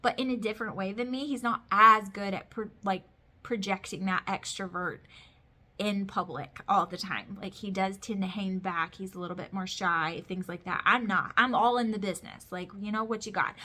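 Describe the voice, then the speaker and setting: A woman's voice: medium pitch, fairly even intonation, normal speed, pushed and bright. A woman in her thirties chatting casually to camera about her life, emphatic and storytelling, with lots of "like". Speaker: vlogger, mother of boys. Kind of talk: casual talking-to-camera chat.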